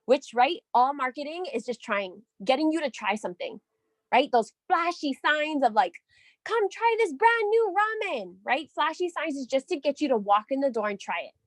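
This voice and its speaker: A woman leading a team call, coaching her sales team in an energetic, chatty way, often checking in with "right?". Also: high-pitched, moderate pace, no echo.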